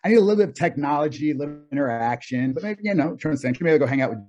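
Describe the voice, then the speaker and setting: Animated and very fast, a middle-aged man with a slightly high, darkish voice chats as an interview guest, thoughtful and easygoing, with frequent laughter. The sound is dull lo-fi.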